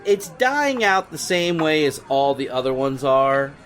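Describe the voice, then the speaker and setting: A man's voice: a little high, big pitch swings, loud music behind the voice. A man co-hosting a podcast in casual chat, laughing often and restarting sentences. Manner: laughs easily, halting restarts. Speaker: podcast co-host.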